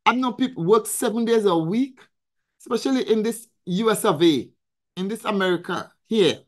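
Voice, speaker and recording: On her weekly live coaching stream, a woman delivers motivational talk with emphatic, preacher-like repetition while responding to viewers in the chat. She speaks at a moderate pace in a medium-pitched voice with lively intonation.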